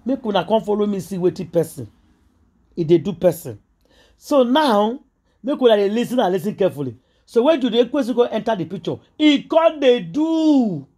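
A woman's voice: fairly low pitch, mellow, slightly rough. A Nigerian woman delivering casual celebrity gossip commentary, hammering each point home again and again. Her tone is preachy and emphatic, slipping easily into Pidgin phrases. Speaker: gossip vlogger.

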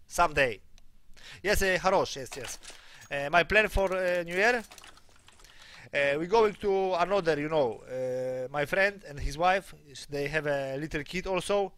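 A man's voice: on the high side, measured pace, fairly bright tone, smooth. A man with a Polish accent streaming a shooter game, joking around in broken English with his teammates. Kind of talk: casual game-stream chat. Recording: gunfire from the game behind. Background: game gunfire.

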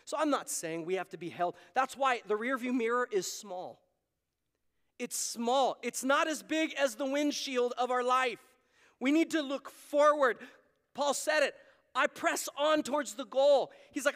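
A man's voice: very high-pitched, expressive, a little slow, fairly bright tone. A man preaching a sermon as pastor, talking in an earnest, conversational way and acting out quoted voices. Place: church sanctuary. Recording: long hall reverb.

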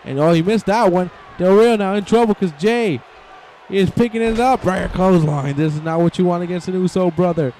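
A man giving excitable, rambling play-by-play commentary over a wrestling video game, shouting on the big moves. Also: sits high, fairly quick, hardly any pauses, a little hiss or hum.

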